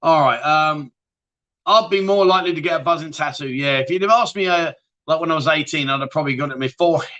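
A man hosts a relaxed livestream, joking and laughing through viewer comments. His voice is bright and forceful and sits slightly high for a man. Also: fast, highs cut off. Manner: jokey, laughing, banter with viewers. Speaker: livestream host. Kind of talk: casual livestream chat reading viewer comments.

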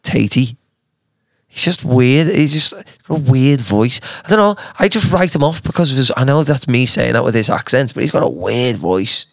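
A man's voice: mid-range voice, expressive, moderate pace, gravelly, fairly bright tone, no echo, studio quality. A young man with a Manchester accent, co-hosting a podcast in casual, crude, joking banter. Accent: Mancunian English. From England. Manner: crude, joking, laughs a lot. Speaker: podcast co-host.

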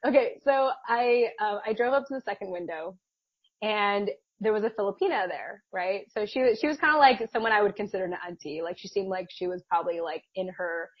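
A woman's voice: medium pitch, fairly quick, husky, dry recording, muffled recording. A woman podcast co-host casually telling a long personal story, chatty, with frequent laughs and restarts. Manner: chatty, laughs often, many fillers and restarts.

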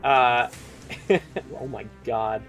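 A man's voice: medium pitch, drawn-out words, music in the background. A man narrating a tabletop game as game master, casual and laughing, swearing freely.

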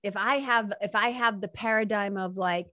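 A woman hosting a casual spiritual talk, chatty and animated, peppering her speech with "like" and "right?". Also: mid-range voice, normal speed, no echo.

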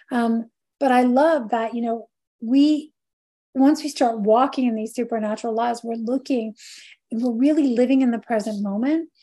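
Earnest woman with a mellow voice. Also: fairly high pitch. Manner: earnest, reflective, quotes scripture. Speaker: host. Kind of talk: faith-based wellness talk.

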